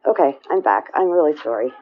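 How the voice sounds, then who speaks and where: A woman with a low voice chats casually to her viewers about her coloring pages. She rambles with plenty of fillers and keeps clearing her throat. The home recording sounds dull and lo-fi. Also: animated, brisk. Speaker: coloring vlogger. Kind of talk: casual show-and-tell chat.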